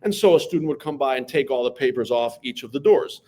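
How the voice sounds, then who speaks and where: A man, a math teacher telling school anecdotes as an interview guest in an animated, lively way. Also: medium pitch, quick pace. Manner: animated, lively storyteller who acts out voices.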